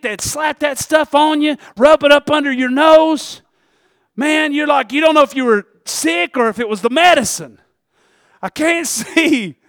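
A male pastor preaching a sermon in a repetitive, conversational way, swinging between loud exclamations and hushed, low asides. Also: no room sound, clean studio sound.

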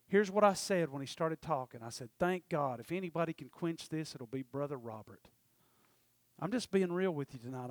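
A man preaching a testimony, storytelling with passion and swinging from loud to hushed. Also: on the high side, no room sound. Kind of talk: sermon testimony.

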